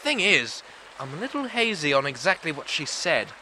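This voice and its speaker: A man's voice: fairly high pitch, moderate pace, heavily acted. A man playing a jaunty badger-headed adventurer. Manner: joking, breezy, lively. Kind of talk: comedy audio drama. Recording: noisy background.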